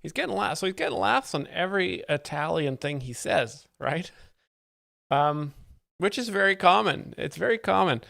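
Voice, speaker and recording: A man's voice: high voice, animated, moderate pace, creaky, pushed and bright, no room sound. A man hosting a live stream, rambling through comedy clips and explaining the jokes in a dry, mock-serious way, talking into a desk mic at home. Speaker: livestream host.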